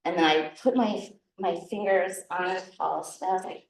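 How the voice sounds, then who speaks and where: A woman's voice: lowish voice, steady tone, normal speed, creaky, distant mic, slight background noise. A woman herbalist from Minnesota giving a casual talk, chatty and laughing often, with many restarts. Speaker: herbalist teacher. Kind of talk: casual talk to a guild audience. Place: room at a guild meeting. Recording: echoey room.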